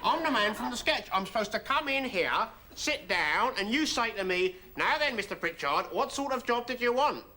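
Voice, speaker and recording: A comedy performer playing a confused man in a raincoat, talking in a silly high-pitched voice. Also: expressive, normal speed, hardly any pauses, sharp tone, a little hiss or hum. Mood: bewildered. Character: bewildered man from the sketch, fussy and lost. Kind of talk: sketch comedy acting.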